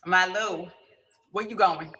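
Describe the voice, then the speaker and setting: A woman's voice: fairly low pitch, slow. A woman hosting a live-stream poetry show, chatting casually and teasing the guests in playful slang. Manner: playful, teasing, loud Southern-inflected slang. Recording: dull lo-fi stream audio.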